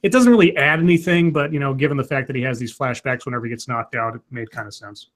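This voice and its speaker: A man's voice: medium pitch, fast. A man co-hosting a casual chat, retelling a movie scene by scene with lots of restarts and acted-out quotes. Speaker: podcast co-host recapping a movie.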